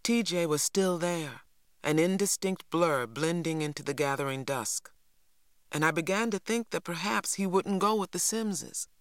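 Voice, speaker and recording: A narrator reading a novel aloud in a measured, steady storytelling manner. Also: mid-range voice, no echo, clean studio sound. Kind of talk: audiobook narration.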